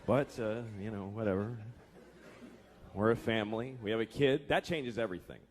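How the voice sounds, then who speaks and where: This thirty-something comedian's stand-up set is profane and exasperated, with voices acted out, recorded amid the noise of a live club. His voice is lowish and darkish, delivered at a moderate pace.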